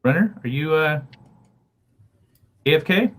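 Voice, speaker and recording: A man's voice: fairly high pitch, animated, unhurried. A man hosting a live gaming talk stream in a casual, hesitant way, with lots of fillers and questions to his co-hosts. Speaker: host.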